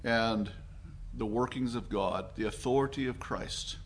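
Earnest Canadian preacher, mid-pitched. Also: male voice, slight background noise. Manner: earnest, reflective, with frequent fillers and restarts, growing quieter and slower. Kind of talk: sermon.

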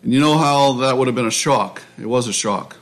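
A man preaching a sermon in a measured, reflective way, often restarting his phrases. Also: mid-range voice. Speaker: pastor.

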